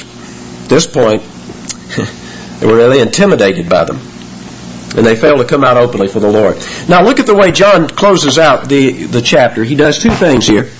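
A man preaching a sermon, explaining scripture verse by verse and rising in pitch and force on key words. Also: muffled recording, a little hiss or hum. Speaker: pastor.

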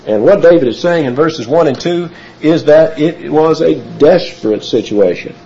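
A man preaching a sermon and teaching from the Bible in an emphatic, animated way. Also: fairly high pitch, moderate pace, vocal fry. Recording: muffled lo-fi recording.

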